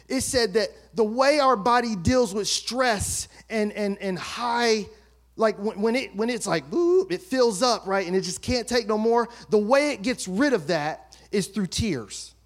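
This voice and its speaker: Man, pastor, very high-pitched, emphatic sermon delivery with shouted peaks. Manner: emphatic preaching, swinging between soft asides and shouted peaks. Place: church sanctuary.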